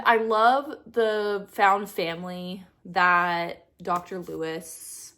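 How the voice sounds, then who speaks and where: A woman's voice: medium pitch, steady tone, very slow, a bit bright. A young woman chatting casually about books she read, rambling and gushing with lots of fillers. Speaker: book vlogger. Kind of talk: chatty book review.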